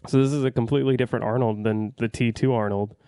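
A man's voice: medium pitch, fairly even intonation, quick pace, dark tone, clear, resonant tone, dry recording, clean studio sound. A man giving a casual, rambling movie review, blunt and profane, full of fillers and restarts.

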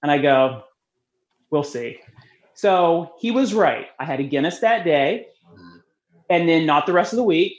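A woman guest telling lively personal stories in a casual interview, talking freely and laughing often. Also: on the low side, normal speed. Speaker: podcast guest, beer promoter. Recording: roomy, slightly muffled.

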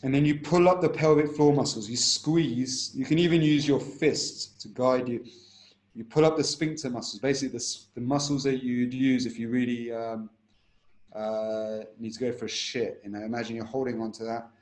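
A man's voice: mid-range voice, fairly even intonation, moderate pace, a little mellow, roomy sound. A man teaching a breathing technique in an interview, instructive and repetitive, often checking in with "right?".

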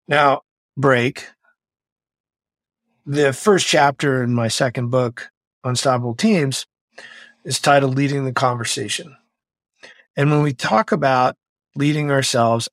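A man's voice: mid-range voice, measured pace, no echo. A middle-aged man, a former Navy SEAL and author, telling stories energetically as a podcast guest. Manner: energetic, motivational, animated storytelling. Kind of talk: podcast interview storytelling.

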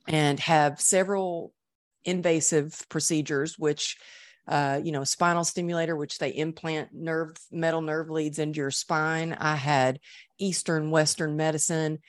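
A woman's voice: low voice, dry recording, clean studio sound. A middle-aged woman telling her recovery story in an interview, earnest and emotional, with frequent restarts. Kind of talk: candid interview conversation.

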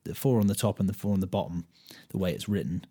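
Low, husky British man teaching casually. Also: fast. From United Kingdom. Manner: relaxed, thinks out loud with many ums and counts beats aloud. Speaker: podcast host and guitar teacher. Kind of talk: casual solo podcast lesson.

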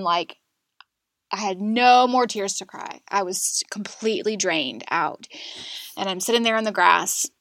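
A woman guest in a podcast interview, candidly recounting a painful personal story in a halting, emotional way. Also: medium pitch, bright, forceful tone, dry recording.

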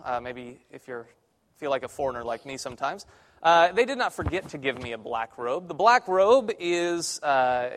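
A man's voice: on the high side, fairly bright tone. Young man preaching with wry humor. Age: young adult. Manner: conversational, self-deprecating humor. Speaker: church intern preaching. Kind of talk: sermon. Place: church sanctuary.

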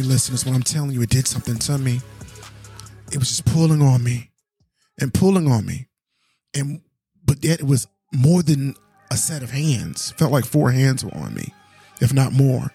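A man with a slightly husky voice, pitched in the middle range, talks earnestly and directly to his listeners as a podcast host. He keeps a casual storytelling tone. Faint music plays underneath. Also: warm tone.

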